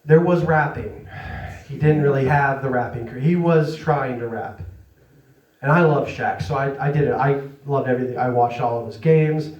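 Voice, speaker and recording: In a comedy club, a man performs stand-up, poking fun at himself, laughing through his lines and chatting with the crowd to check in on them. His mid-range voice moves at a normal speed with a darkish tone. Recorded from a distance, the sound is muffled and roomy.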